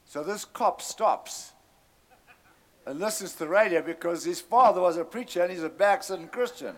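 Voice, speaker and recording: A man's voice: sits high, moderate pace. A man preaching a sermon, telling a story animatedly and calling out to his congregation.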